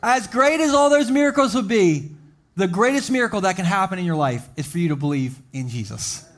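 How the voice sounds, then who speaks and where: A man preaching a humorous, story-filled sermon to a live church congregation. He jokes, does quick voices for the people in his stories, then slows to a deliberate, emphatic delivery for his main points. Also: sits high. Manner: humorous storytelling, animated voices for quoted characters. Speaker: pastor. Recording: live church service with faint background music.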